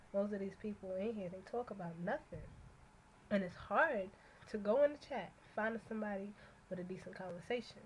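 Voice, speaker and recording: A woman's voice: medium pitch, darkish tone, a little hiss or hum, low-quality recording. A young woman in a casual rambling vlog monologue, talking bluntly and cursing freely as she rants. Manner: blunt, profane, ranting. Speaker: vlogger.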